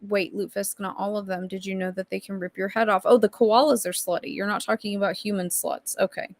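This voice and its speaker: Chatty woman streamer with gravelly voice. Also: mid-range voice, fairly even intonation, a little fast, a little mellow, dry recording. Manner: chatty, rambling, reacts to chat. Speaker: streamer host. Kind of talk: casual livestream commentary reading chat.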